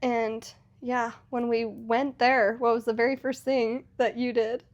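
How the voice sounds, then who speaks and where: Young woman, casual podcast chat, animated storytelling, slightly high pitch. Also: unhurried, muffled recording. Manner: animated storytelling, lots of fillers. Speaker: podcast co-host.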